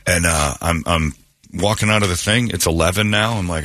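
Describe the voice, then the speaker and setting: A man hosting a radio talk show, telling a funny story in an animated way and acting out the voices in it. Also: deep voice, a little fast, no echo, clean studio sound. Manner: animated, acts out his own crying and other voices.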